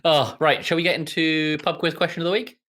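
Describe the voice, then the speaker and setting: A man's voice: fairly high pitch, fairly even intonation, fairly quick, fairly bright tone. A British man co-hosting a comedy podcast, teasing and dry in casual chat. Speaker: podcast co-host.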